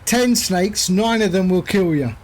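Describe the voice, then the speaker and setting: A man voicing a jokey Australian guy in a deliberately bad mock Australian accent. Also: high voice, animated. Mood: mock boastful. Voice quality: exaggerated, admittedly bad impression. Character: jokey stereotyped Australian man boasting about snakes.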